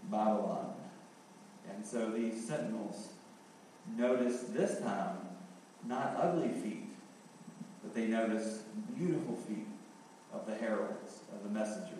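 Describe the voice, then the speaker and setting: A man's voice: medium pitch, a little mellow, slight background noise. A man preaching a sermon in an earnest way, repeating key phrases and thinking aloud with fillers. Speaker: pastor. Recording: very echoey hall, heard from a distance.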